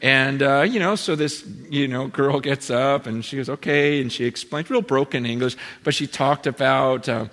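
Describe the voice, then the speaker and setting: A man preaching a sermon, telling a story in a lively way and acting out the people he quotes, with lots of fillers. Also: medium pitch, moderate pace, few pauses. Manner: animated storytelling, acts out quotes, many fillers. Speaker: pastor. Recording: long hall reverb.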